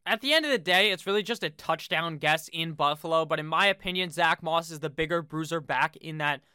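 Young man, fantasy football host, casual joking commentary, bright forceful tone, dry close sound. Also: a little high, a little fast, smooth, dry recording. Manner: joking, profane, loose asides.

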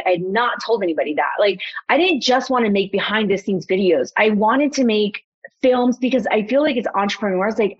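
Animated woman telling a story, muffled sound. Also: mid-range voice, breathy edge. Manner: animated storyteller, quotes herself. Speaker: podcast guest, photographer. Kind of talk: storytelling in casual conversation.

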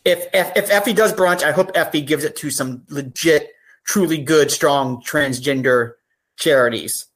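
A woman's voice: low-pitched, moderate pace, husky. Earnest woman guest on a podcast. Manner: earnest, gets emotional when serious. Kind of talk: casual podcast chat.

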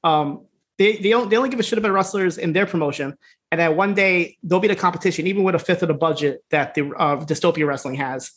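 A man with a slightly high voice talks fast as he co-hosts a podcast, recapping a wrestling series casually and profanely. He's laid-back and laughing, acting out the characters' lines in animated voices.

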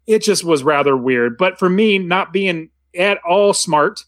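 An American man co-hosts a casual movie discussion podcast, speaking in a high, fairly bright voice at an unhurried pace. He rambles and restarts often, and there's no room sound.

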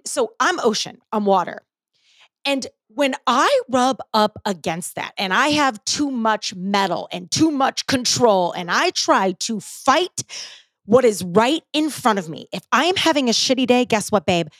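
A woman's voice: on the high side, animated, a little slow, fairly bright tone, no room sound. A middle-aged woman hosting a podcast, chatting casually and animatedly, swearing freely and acting out her own past panic. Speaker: podcast host.

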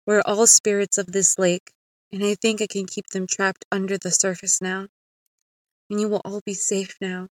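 A woman voicing the calm, tender spirit of a dead grandfather in a storybook tale, speaking softly and sadly. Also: mid-range voice, moderate pace, dry recording, clean studio sound, lightly acted. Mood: solemn. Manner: soft, sad, reassuring.

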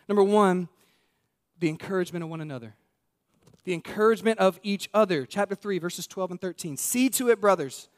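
A man preaching a sermon as pastor, earnest and emphatic, repeating key words and speaking straight to the congregation. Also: high voice. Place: church sanctuary.

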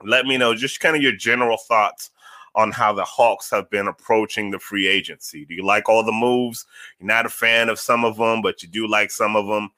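Forceful low-voiced man hosting a podcast. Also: moderate pace, no echo. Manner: animated, talks to chat viewers, repeats phrases for emphasis. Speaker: podcast host. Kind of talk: casual sports podcast talk.

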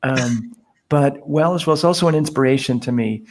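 Speaking at a moderate pace with a medium pitch and darkish tone, this male priest swaps stories on a podcast, laughing along the way. He's a guest joining remotely from Guatemala for casual storytelling.

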